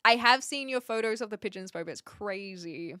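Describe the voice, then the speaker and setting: A woman's voice: mid-range voice, expressive, normal speed, pushed and bright, clear, resonant tone, no echo, clean studio sound. A woman live streamer chatting casually with her viewers, thinking aloud and laughing often. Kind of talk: casual live-stream chat, reading chat messages.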